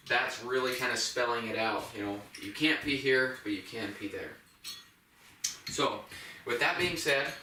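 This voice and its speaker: A man's voice: bright, forceful tone, recorded from a distance, a little hiss or hum. A man working as a dog trainer, giving a practical step-by-step demonstration at home. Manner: plain, practical explaining, high praise voice to the puppy. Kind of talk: instructional demonstration. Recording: roomy echo, voice off-mic.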